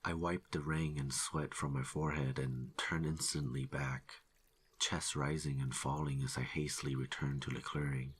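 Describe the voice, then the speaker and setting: A man narrating a first-person horror story in a steady, low-key delivery. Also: moderate pace, husky.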